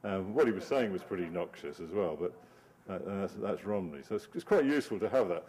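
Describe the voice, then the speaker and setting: A man's voice: deep voice, expressive, brisk, a little mellow, slight background noise. A middle-aged man, a cartoonist giving a wry, digressive talk over his slides and laughing often. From Britain.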